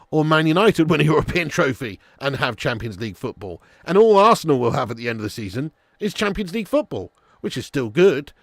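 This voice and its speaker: A laid-back young man talks over a football match for his live stream viewers, bantering and cursing casually. His voice has a rough, gravelly texture at a middling pitch. The recording is close and dry. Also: no echo. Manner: chatty, banter with chat, swears casually. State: a little sleepy. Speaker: watch-along streamer. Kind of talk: live football watch-along chat.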